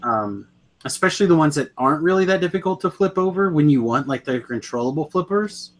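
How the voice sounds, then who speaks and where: A man's voice: on the high side, lively intonation, fairly quick. A man co-hosting a podcast, chatting casually and enthusiastically, often rambling and correcting himself mid-sentence. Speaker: podcast co-host. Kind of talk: casual chat about card games.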